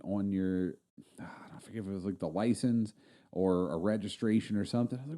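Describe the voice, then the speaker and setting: Deep, very dark-voiced laid-back man. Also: a little fast. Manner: laid-back, rambling, with frequent fillers. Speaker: podcast co-host. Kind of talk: casual chat.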